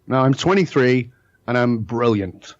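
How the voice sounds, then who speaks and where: A man's voice: mid-range voice, expressive, unhurried, lo-fi sound. A middle-aged man telling stories as a podcast guest, emphatic and blunt, with the occasional curse word. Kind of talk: storytelling in a podcast interview.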